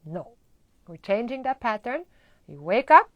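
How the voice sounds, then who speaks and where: A woman's voice: lowish voice, lively intonation, unhurried, long pauses, dry recording. A woman teaching a live-streamed mantra lesson, explaining and chanting with laughter. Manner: acts out groggy morning complaints. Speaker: spiritual teacher.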